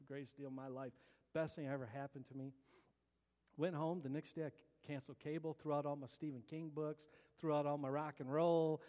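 A man's voice: a little high, darkish tone, lo-fi sound. A man preaching his personal testimony in earnest, colloquial storytelling, often restarting his words. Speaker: pastor. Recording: long hall reverb.

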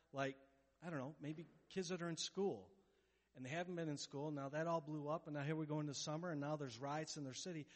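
A man preaching a sermon as pastor, animated and playful, acting out the voices of worried people. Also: a little high. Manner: animated, acts out quoted voices, jokes. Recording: long hall reverb.

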